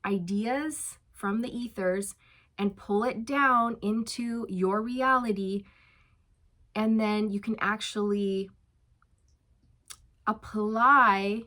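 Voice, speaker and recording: A woman tarot reader chatting straight to her viewers in a loose, gushing way. Her delivery is heartfelt and emotional, full of "okay?" and "you guys," with a voice of ordinary middle pitch. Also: steady tone, slow pace, pauses often, bright, forceful tone. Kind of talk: casual spiritual talk to camera.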